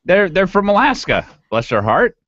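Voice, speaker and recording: A man's voice: high voice, moderate pace, no echo. A man co-hosting a morning talk radio show, talking with enthusiasm in casual banter. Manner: animated, enthusiastic. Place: radio studio. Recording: dull lo-fi dry radio studio sound.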